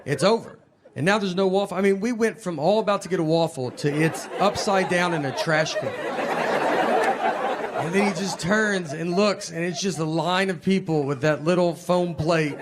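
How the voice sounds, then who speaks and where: Male stand-up, understated storyteller, slightly high voice; live set over heavy audience laughter. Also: normal speed, heavy background noise. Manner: deadpan, understated delivery with quoted voices. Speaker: stand-up comedian. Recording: live show with loud crowd laughter.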